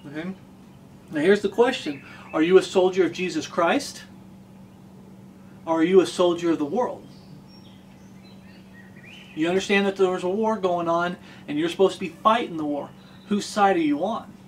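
Fervent male preacher, high voice, faint birds and ambience behind. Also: moderate pace, pauses often, a little hiss or hum. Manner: fervent, repeats questions for emphasis. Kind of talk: sermon.

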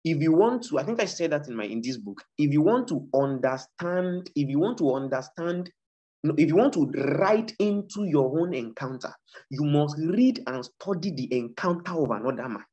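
Nigerian guy preaching about writing things down, kinda high voice, repeats himself for emphasis. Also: expressive, normal speed, warm tone. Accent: Nigerian English. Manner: emphatic and repetitive, exhorting listeners. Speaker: author speaking about his book. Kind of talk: preaching-style talk. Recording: dull lo-fi recording.

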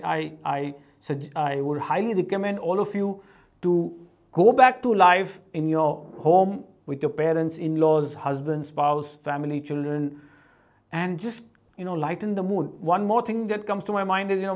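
A middle-aged man with an Indian English accent hosts a casual motivational vlog. He talks in an animated way and slips into playful voices for his family and coworkers. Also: high-pitched. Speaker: vlog host.

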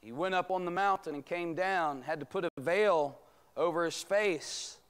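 A high-pitched, slightly bright male voice, clear and resonant, moves at a normal speed as a pastor teaches a church Bible study. His emphatic, rhetorical preaching draws amens from the congregation, and it was recorded in the sanctuary.

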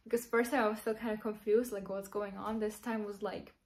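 A woman's voice: mid-range voice, little pitch movement, fairly quick, a little mellow. A young woman telling a personal story to camera in a chatty, giggly way, full of fillers. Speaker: vlogger.

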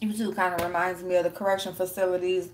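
A woman's voice: lowish voice, flat delivery, fast talker, slight background noise. A woman hosting a casual live stream, reading chat and greeting viewers by name, blunt and profane with frequent laughter.

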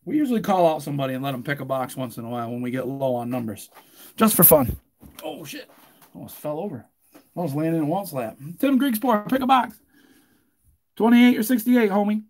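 A man hosting a live card break, chatting casually and joking, getting loud and excited. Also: mid-range voice, fast. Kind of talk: live stream break commentary.

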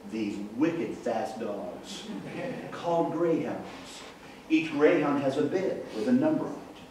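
A man's voice: medium pitch, a little hiss or hum. A man, an evangelist telling a humorous story in a sermon while moving about the room. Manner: animated, jokey, walks about the room. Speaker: evangelist preacher. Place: church sanctuary. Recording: echoey church hall from far off.

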